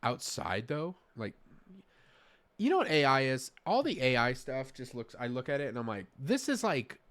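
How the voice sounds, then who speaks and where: Medium in pitch and moderate in pace, a man offers casual commentary as he streams a puzzle game. He reasons out loud, mutters, trails off, and now and then gasps or exclaims with sudden excitement.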